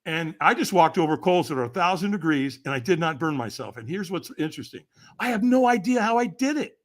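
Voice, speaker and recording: With a fairly high pitch, big swings in intonation, and a fairly quick pace, an older man tells a lively story as a guest on a podcast. He laughs often and acts out the quoted voices of the people involved.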